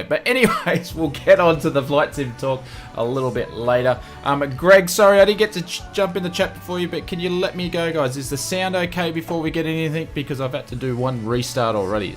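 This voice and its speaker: An Australian man hosting a casual livestream, upbeat and greeting chat viewers one by one with repeated welcomes. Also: medium pitch. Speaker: livestream host.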